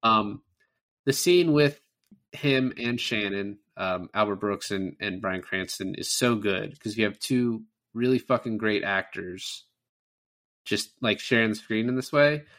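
A man's voice: lowish voice, unhurried. A man talking casually about a movie, swearing often and acting out the characters' lines. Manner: animated, swears often, acts out quoted lines. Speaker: podcast co-host. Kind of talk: casual film discussion.

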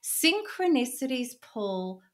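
A middle-aged woman, an interview guest, telling her personal story in an earnest, intense way, often dropping to a hushed voice. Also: fairly high pitch, sing-song, slow.

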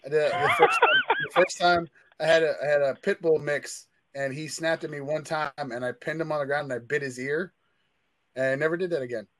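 A man's voice: a little high, steady tone, a little fast, a little hiss or hum. A man hosting a podcast, joking in casual chat. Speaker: podcast host.

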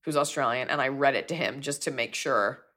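A woman's voice: a bass voice, fairly quick, a bit bright. A woman comedian hosting, reading ads and chatting casually with a self-deprecating manner. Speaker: comedian host. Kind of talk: podcast ad read and casual chat.

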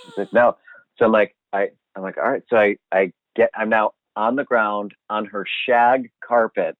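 A man telling a funny story in a casual chat, animated and swearing, acting out what he said at the time. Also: on the low side, moderate pace, no room sound. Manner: animated, swearing, acts out his own quotes. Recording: dry, phone-like sound.

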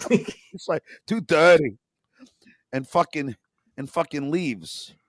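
A man's voice: on the high side, animated, slow, no room sound, studio quality. A man on a podcast telling a long, profane personal anecdote in a rambling way. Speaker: podcast guest.

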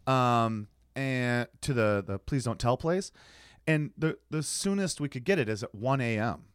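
A man co-hosting a podcast tells an animated story over casual chat, performing the dialogue as he goes. His medium-pitched, smooth voice is unhurried, and the studio sound is clean with no room tone.

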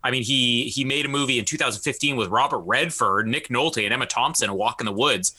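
A man's voice: mid-range voice, fast, pushed and bright, breathy edge. A man co-hosting a podcast, chatting casually and hesitantly, starting his sentences over. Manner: hesitant, many fillers and restarts. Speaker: podcast co-host. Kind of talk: casual chat.

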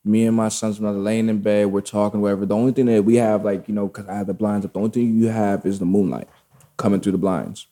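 A man with a low, mellow voice tells a story in casual chat. He is animated and swears freely, with loose street slang running through his delivery. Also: quick pace.

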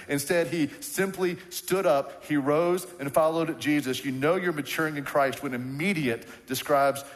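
A man's voice: a little high, a little slow, few pauses. A man preaching a sermon as pastor, leading the congregation in call-and-response and hammering his points with repetition. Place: church sanctuary. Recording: church hall with long reverb.

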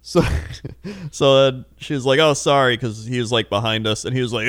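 A young man with a medium-pitched, slightly bright voice at normal speed chats casually as a podcast co-host, recorded clean in a studio with no room sound. He tells stories with laughter and acts out the people he quotes.

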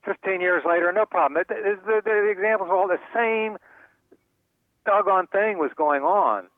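A man's voice: high-pitched, normal speed, no room sound. An older man from North Carolina, an author guest telling heartfelt personal stories in a radio interview, often repeating words when moved. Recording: tinny phone line.

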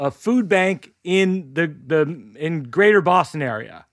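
High-pitched man in a dry room. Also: animated, unhurried, dry recording. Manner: laughs often, self-deprecating. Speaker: podcast host. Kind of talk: casual chat.

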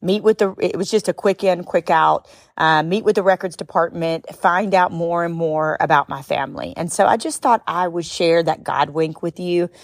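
A middle-aged woman hosts a podcast and tells a heartfelt personal story, getting tearful and breaking into high exclamations. Her voice sits a little low. The sound is dry and close, with no room echo. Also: moderate pace. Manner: expressive, tearful at times, rising to high exclamations. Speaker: podcast host and speaker. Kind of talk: emotional storytelling monologue.

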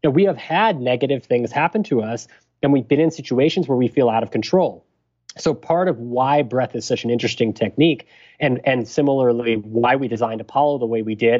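Man, doctor guest, measured explanations, mid-pitched voice, slightly dull remote audio. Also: a little mellow. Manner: measured, thoughtful, explains step by step. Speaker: physician guest. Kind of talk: explanatory interview talk.

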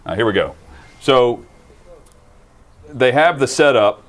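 A man's voice: mid-range voice, lively intonation, slow pace. A man hosting a sports talk show, reading channel plugs and chatting about football with fillers and restarts. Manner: promotional, running through plugs with fillers. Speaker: show host.

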